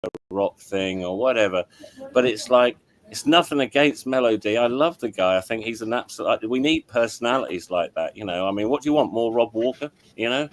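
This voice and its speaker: A man's voice: medium pitch, lively intonation, brisk. A middle-aged man, hosting a casual chat as an audio engineer, rambling and apologetic with many restarts. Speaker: show host and audio engineer.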